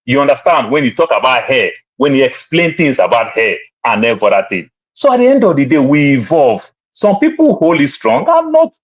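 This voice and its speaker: A man's voice: medium pitch, very animated, brisk, hardly any pauses, muffled recording. A man, arguing a point in a heated panel debate, often asking if you understand. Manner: repeats himself, asks "you understand?". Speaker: panel guest.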